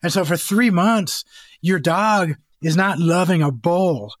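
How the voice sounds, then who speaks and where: A man talking as a guest in an interview, rambling and animated as he explains how he raises puppies. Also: high-pitched, takes it slowly, dry recording, studio quality. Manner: rambling, animated, acts out scenes. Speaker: guest, dog breeder. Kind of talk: casual interview chat.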